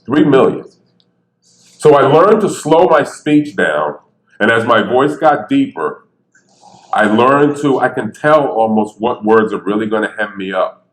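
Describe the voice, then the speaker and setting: A man's voice: mid-range voice, a little slow, low-quality recording. An older man from Bridgeport with a slight stutter, telling stories on a theater stage. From Bridgeport, Connecticut. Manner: animated storyteller, acts out voices, slight stutter. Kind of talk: storytelling talk.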